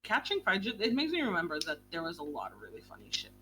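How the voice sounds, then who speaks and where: A young woman hosting a book club stream in casual chat, talking in a quick, gushing way and swearing casually. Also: fairly low pitch, wildly swooping pitch, bright, forceful tone, breathy edge.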